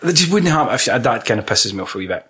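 A Scottish man talking films with a friend, loose and animated. He swears freely and breaks into laughter. His voice sits at an ordinary middle pitch. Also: quick pace. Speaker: podcast co-host. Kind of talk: casual film chat.

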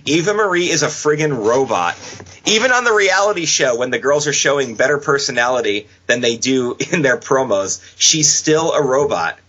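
A man hosting a casual podcast, chatting and joking with quick asides. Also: medium pitch, expressive, bright, forceful tone. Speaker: podcast host. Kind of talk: casual wrestling podcast chat. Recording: dull lo-fi podcast audio.

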